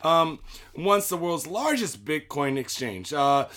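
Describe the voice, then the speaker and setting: A man's voice: a little high, big pitch swings, slow, fairly bright tone. A young man co-hosting a casual podcast, laid-back and swearing freely as he reads out news stories and jokes around. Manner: swears a lot, laid-back, laughs easily. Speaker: podcast co-host. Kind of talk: casual podcast banter, reading news aloud.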